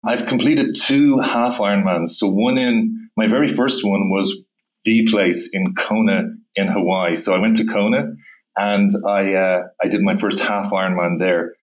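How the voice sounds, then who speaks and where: Man, Dublin Irish accent, middle-aged, lowish voice, muffled lo-fi sound, casual guest chat. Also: fairly even intonation, measured pace. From Ireland. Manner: laughs easily, stammers on restarts. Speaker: guest, tech executive. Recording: dull lo-fi remote audio.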